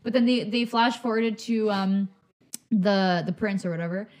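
A young woman chatting casually about a movie, expressive and playfully exaggerating. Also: mid-range voice, moderate pace. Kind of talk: casual chat reviewing a movie.

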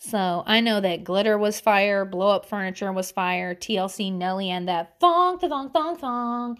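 A woman's voice: medium pitch, measured pace. A woman in her thirties giving blunt, profane parenting advice in a casual monologue, acting out the other voices she quotes. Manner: blunt, profane, animated quoting.

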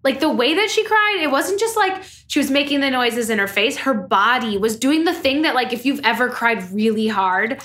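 A woman's voice: on the high side, normal speed, hardly any pauses, fairly bright tone. A woman co-hosting a podcast, chatting casually and retelling scenes with lots of "like" fillers. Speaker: podcast co-host. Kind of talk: casual recap chat.

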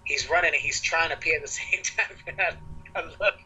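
A young man on a podcast telling a wild party story in casual chat, animated and laughing often, acting out quoted voices in a high pitch. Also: moderate pace, lo-fi sound, a little hiss or hum. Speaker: podcast co-host.

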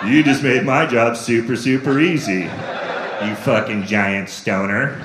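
A man's voice: mid-range voice, measured pace, pitched below the performer's own voice, close to an everyday voice. A man voicing an exasperated, foul-mouthed female drug-sniffing dog in a stand-up bit. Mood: scornful. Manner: scornful, cursing. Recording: echoey live club recording with noise.

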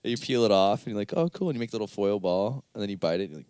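A man with a lowish voice chats loosely as host, laughing easily and dropping casual swears. The sound is dry and close, with no room around it, and his stories wander. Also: rapid-fire, a little mellow, clean tone, dry recording. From United States. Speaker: podcast host. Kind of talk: casual chat.

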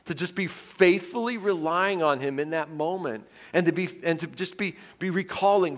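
A man's voice: on the high side, normal speed, few pauses. A man preaching a sermon in an earnest way, often repeating words and dropping his voice on key phrases. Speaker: pastor.

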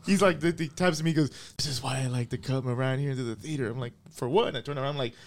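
A man co-hosting a podcast, chatting casually, chiming in often and laughing through his stories. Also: medium pitch. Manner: laughing, lively, quick to chime in. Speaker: podcast co-host. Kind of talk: casual chat.

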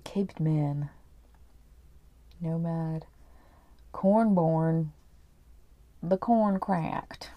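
Woman host, crude and sarcastic, slow delivery, close dry mic. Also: lowish voice, warm tone, dry recording. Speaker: reader of story submissions. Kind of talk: casual reading and reacting.

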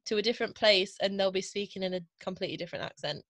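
A woman's voice: mid-range voice, very fast, fairly bright tone. A young woman from the English Midlands with a Midlands accent, chatting casually as a podcast co-host and laughing often. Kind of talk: casual chat.

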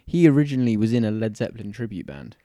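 Brief: laid-back British podcast co-host, twenties, warm and mellow, dry close mic. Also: male voice, fairly low pitch, big pitch swings, very fast, no echo. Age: 20s. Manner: self-deprecating, easygoing. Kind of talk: casual chat.

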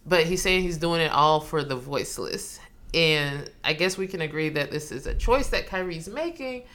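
Female co-host, casual banter, crisp bright tone, slightly low pitch, quick to laugh. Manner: laughs often, animated storytelling. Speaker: podcast co-host. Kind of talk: casual chat.

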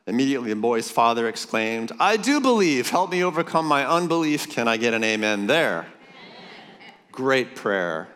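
Lowish male preacher, punchy and playful, working a conference crowd; large-hall reverb. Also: a bit bright, clear, resonant tone. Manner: emphatic and jokey, calls the crowd for amens. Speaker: pastor speaking at a leaders' conference. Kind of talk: sermon.

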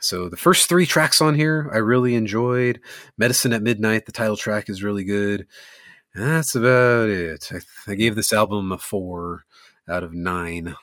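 A man's voice: on the low side, unhurried, a bit bright, no echo, studio quality. A man co-hosting a podcast, chatting casually about albums and laughing often. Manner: laid-back, laughs often, rates albums out of eleven. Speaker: podcast co-host. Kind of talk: casual music chat.

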